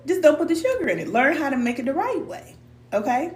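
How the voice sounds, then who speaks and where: A woman's voice: sits high, sing-song, normal speed, long pauses, a little mellow. A woman hosting a live stream as a spiritual teacher, talking casually and encouragingly to viewers, calling them cousin and repeating herself for emphasis. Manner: loose colloquial speech. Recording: echoey room, distant mic, faint hum.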